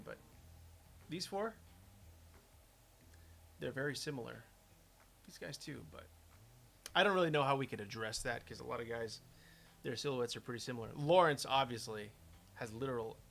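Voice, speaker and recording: A man's voice: medium pitch, a bit bright, a little hiss or hum. A man, a game developer, chatting casually and rambling as he plays his own game, often interrupting himself. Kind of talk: casual gameplay commentary.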